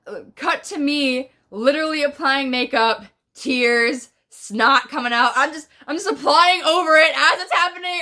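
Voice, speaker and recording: A woman's voice: high-pitched, moderate pace, hardly any pauses, pushed and bright. A young woman telling a rambling storytime at home, swearing casually and filling her talk with "like" and "bruh". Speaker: vlogger. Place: at home, indoors.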